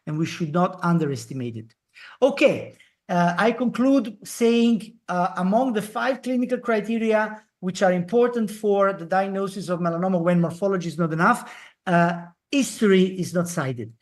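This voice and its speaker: A lecturer giving a live online talk over a video call, halting with many fillers and tagging points with "eh?". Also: mid-range voice. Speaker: dermatology lecturer.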